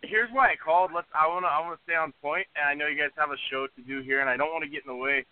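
Joking guy ranting on a call-in, kinda high voice, thin phone sound. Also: very fast. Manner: playful, rambling, mock-indignant. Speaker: caller. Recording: tinny phone line.

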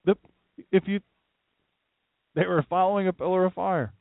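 A man's voice: high voice, fairly even intonation, moderate pace, gravelly, no room sound. A man from downstate Delaware preaching a livestream sermon as pastor, folksy and conversational, with rambling asides. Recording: dry, tinny phone-like sound.

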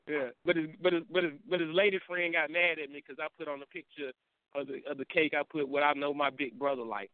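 A man hosting a casual morning chat show, telling animated stories, mimicking people and laughing a lot. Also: a little high, fast talker, slight background noise. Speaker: show host. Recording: tinny phone line.

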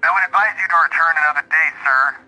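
A man's voice: on the high side, fast, pushed and bright, soft background music, pitched above the performer's own voice, rough recording. A man voicing a nervous, fawning fat male casino cashier who speaks stiffly and formally. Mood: prim. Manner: stiff, overly formal, calls everyone sir. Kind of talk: audiobook character voice.

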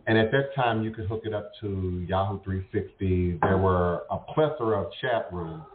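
A man's voice: low-pitched, normal speed. A man hosting a casual spiritual talk show, rambling and repeating words as he searches for them. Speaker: host. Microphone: internet radio call. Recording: tinny phone-like audio in an echoey room.

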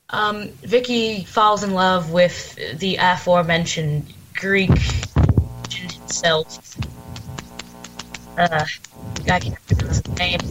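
A woman's voice: lowish voice, poor audio. Giggly enthusiastic woman on a podcast. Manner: enthusiastic and giggly, acting out quotes. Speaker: podcast guest. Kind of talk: casual podcast chat.

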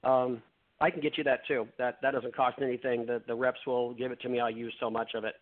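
A man's voice: medium pitch, flat delivery, a little fast. A man guest on a radio show, telling a long story and acting out the dialogue, with frequent restarts. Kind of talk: storytelling in conversation. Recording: phone-like narrow sound.

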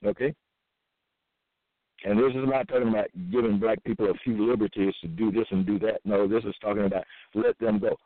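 Man, preaching, slow deliberate verse reading, tinny phone-like sound, dry close audio. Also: on the low side, fairly even intonation, dry recording. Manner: reads verses slowly with repeated asides. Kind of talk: scripture-reading sermon.

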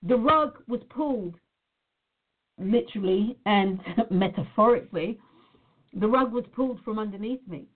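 Speaking earnestly to the camera, a woman who works as a life coach gives a motivational talk, repeating words to drive her points home. Her mid-range voice moves a little slowly, and the audio has a tinny, phone-like quality.

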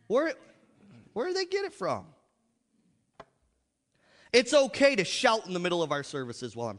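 An American man preaching a revival sermon in a church, emphatic and joking, with big swings between loud and soft. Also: high-pitched. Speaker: pastor. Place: large church sanctuary. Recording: long hall reverb.

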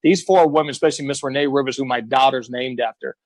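A man's voice: medium pitch, steady tone, quick pace, dry recording, rough recording. A middle-aged American man, a guest, telling his life story earnestly and with emphasis, acting out the voices of people he quotes. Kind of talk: emotional personal storytelling.

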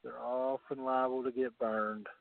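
A man's voice: mid-range voice, level tone, measured pace, creaky, no echo. A man with a Southern accent, a wrestling commissioner, delivering boastful, menacing trash talk. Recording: tinny phone line, dry.

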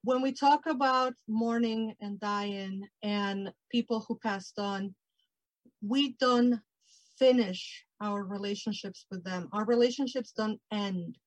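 A woman giving a passionate, expressive presentation over a video call. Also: medium pitch, takes it slowly, dry recording, poor audio. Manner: passionate, expressive, grows emotional. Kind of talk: heartfelt virtual presentation.

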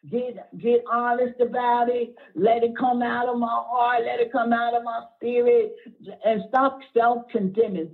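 Husky woman pastor preaching, gets choked up, sounds like it's coming through a phone. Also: on the high side. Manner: emotional, near tears at times, call-and-response preaching. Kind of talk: sermon. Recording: tinny phone-like audio.

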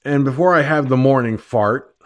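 A man's voice: mid-range voice, normal speed. An older man hosting an online talk radio show, joking and rambling crudely about everyday troubles. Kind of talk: casual call-in chat.

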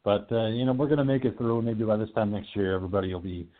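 A man's voice: lowish voice, steady tone, fast talker. Man hosting over a tinny line. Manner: joking, profane banter. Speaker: podcast host. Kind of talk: casual chat. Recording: tinny phone-like online radio.

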